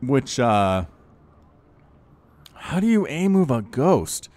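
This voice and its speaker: A man hosting and shoutcasting a strategy video game match, chatty and excitable with frequent laughing asides. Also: mid-range voice, slow pace, no room sound. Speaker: esports shoutcaster and channel host. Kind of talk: live game commentary.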